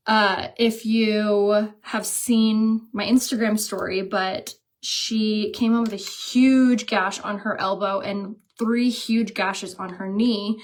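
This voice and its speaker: A woman in her thirties, a makeup vlogger, chatting casually and telling a story while she does her makeup, with lots of "like" fillers and quoted dialogue. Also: mid-range voice.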